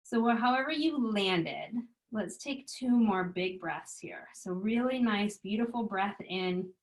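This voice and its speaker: A woman yoga instructor giving calm, gentle breath and stretch cues in a guided chair yoga class. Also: mid-range voice, measured pace, low-quality recording.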